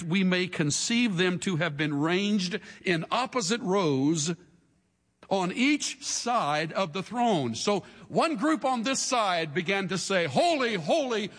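Dramatic male preacher, wide-swinging high voice. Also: lively intonation, slow, in a large hall. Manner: dramatic, swinging from hushed to shouting. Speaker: pastor. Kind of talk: sermon.

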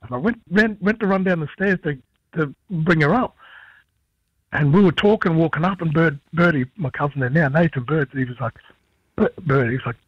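A man's voice: fairly high pitch, brisk, husky, no room sound, lo-fi sound. A man, a musician guest telling a story in a radio interview and acting out what others said. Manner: animated storyteller, acts out others' lines.

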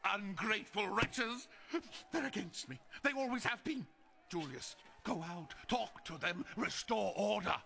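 An actor playing a vain, paranoid Roman emperor who thinks himself a god, pompous and petulant. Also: male voice, high voice, unhurried, vocal fry, pushed and bright, heavily acted. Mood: imperious. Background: music.

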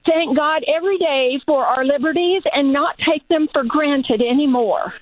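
A woman phoning in to a radio show, out of breath and hesitant, with many pauses and fillers. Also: sits high, dry recording. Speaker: caller. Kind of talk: call-in radio talk. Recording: tinny phone line.

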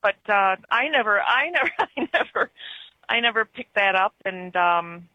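A woman's voice: medium pitch, expressive, moderate pace, no room sound. A woman with an Upper Midwest accent, calling in to a radio show and chatting in a rambling way. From Germany-born, raised in Wisconsin. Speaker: caller. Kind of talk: casual call-in chat. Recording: muffled phone call.

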